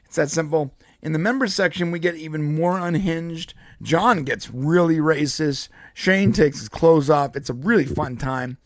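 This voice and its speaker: A man's voice: a little high, normal speed, hardly any pauses, dry recording, studio quality. A man hosting a casual political podcast, talking bluntly and profanely and slipping into put-on voices when he tells a story. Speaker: podcast host.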